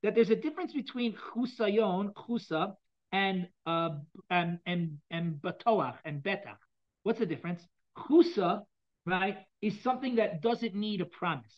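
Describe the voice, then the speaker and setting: This Torah teacher, a woman of medium pitch, takes an unhurried approach to a text lesson, explaining points and regularly asking her class whether they're keeping up. The audio is dull.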